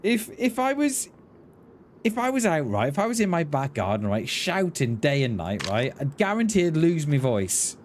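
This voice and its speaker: Streamer guy ranting, swears a lot, lively up and down delivery, faint hiss behind. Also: a little high, normal speed. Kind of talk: casual chat while gaming.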